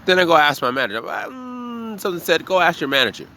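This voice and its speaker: A man who works as a bartender, giving a blunt, profane, animated monologue about trusting your gut. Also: fairly high pitch, fast. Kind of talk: casual motivational monologue.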